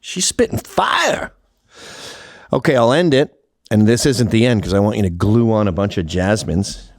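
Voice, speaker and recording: A man's voice: fairly low pitch, fairly quick, a little mellow, dry recording, studio quality. A man hosting a show, giving sardonic, profane commentary over clips. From Canada. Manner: profane and mocking. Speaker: host.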